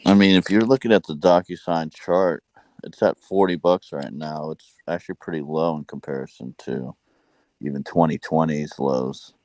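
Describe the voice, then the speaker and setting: A man's voice: a bass voice, normal speed, a little mellow, no echo. A man in a casual market discussion, giving short, matter-of-fact takes on a stock chart. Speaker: trader in a voice chat.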